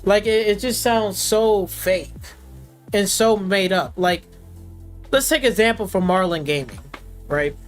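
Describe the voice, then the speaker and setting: A man's voice: sits high, measured pace. Guy ranting on his gaming stream, swearing a ton and mocking stuff, a bit of music in the back. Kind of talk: profane casual rant.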